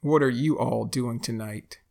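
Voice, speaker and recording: Texan guy with a gravelly voice, slow careful english lesson, says examples twice. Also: mid-range voice, mellow. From Texas, United States. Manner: slow, deliberate, repeats examples. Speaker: English teacher. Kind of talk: explaining lesson.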